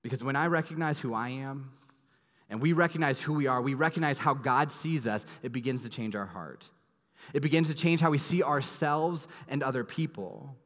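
A man in his thirties, a pastor preaching a sermon, earnest and emphatic, dropping to soft low tones at tender moments. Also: moderate pace. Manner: earnest, emphatic storytelling with sudden soft drops. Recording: long hall reverb.

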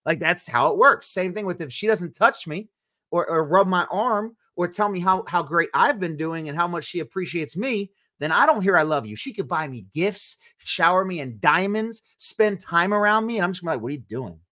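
A man's voice: sits high, expressive, normal speed, pushed and bright. A man co-hosting a podcast with his wife, talking earnestly and instructively in a casual chat about marriage and faith. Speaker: podcast co-host.

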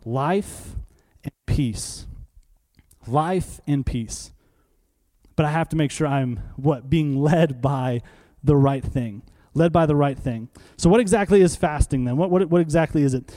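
A man's voice: fairly high pitch, normal speed, hardly any pauses, mellow. A man preaching a sermon to a congregation, asking questions and answering them himself, repeating key phrases for emphasis. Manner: conversational, asks the room questions and answers them.

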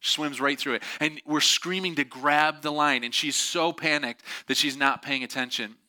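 A man telling a story in a lively way, acting out the voices of the people in it. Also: a little high, normal speed. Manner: animated, acts out quoted voices. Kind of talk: storytelling talk.

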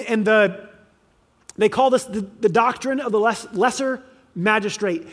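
A man teaching a conversational sermon, plain and direct, who often slips into quick voices for the people in his stories. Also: very high-pitched. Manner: acts out quoted speakers in lively voices. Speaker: teacher on faith and parenting.

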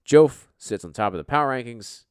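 On his casual podcast, this US East Coast host and league commissioner jokes around, curses liberally and works through rankings. He speaks fairly quickly with lively intonation in a smooth, medium-pitched voice, and the studio sound is clean with no room tone.

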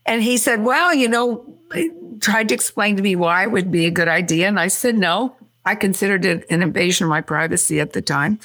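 An older woman from California, a guest in an interview, telling her story quickly and acting out what people said. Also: medium pitch. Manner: animated, quick storyteller who acts out quotes.

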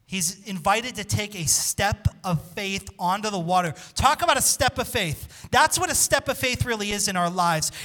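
A man's voice: high voice, bright, forceful tone. A male pastor preaching a sermon with emphatic delivery, putting questions to his congregation.

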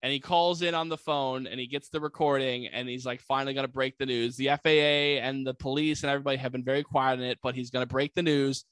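Guy retelling a movie plot, lots of like and um, bright tone, dry close sound. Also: medium pitch, fast talker, hardly any pauses, clear, resonant tone, no echo. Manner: animated, acts out characters with voices; many "like" fillers. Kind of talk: casual movie recap.

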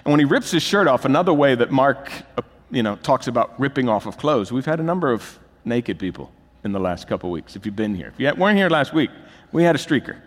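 Animated male pastor in a reverberant hall. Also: medium pitch, quick pace. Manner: emphatic preaching, building to rising, urgent peaks. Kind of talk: sermon. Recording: long reverb of a large hall.

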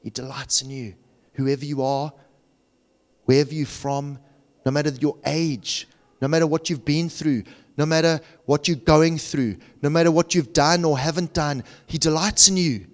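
Man, middle-aged, pastor, church sermon, slightly high voice, passionate repetition, hushed prayer. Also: steady tone, normal speed, big-room sound. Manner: passionate, rising to urgent repetition then softening into hushed prayer. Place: church sanctuary.

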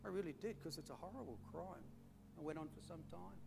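This middle-aged Australian pastor speaks briskly in a highish voice with vocal fry. Calling his audience mate and friends, he preaches in a folksy, story-driven style; the hall echoes and a faint hum runs underneath.

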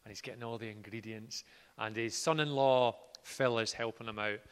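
Preacher in a reverberant hall. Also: male voice, lowish voice, steady tone, normal speed, clear, resonant tone. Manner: earnest, builds from quiet to loud. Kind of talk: sermon.

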